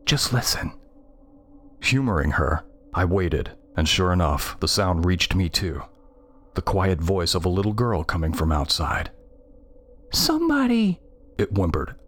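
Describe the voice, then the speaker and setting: A man reading a scripted first-person horror story in a measured, tense way. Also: low voice. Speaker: narrator.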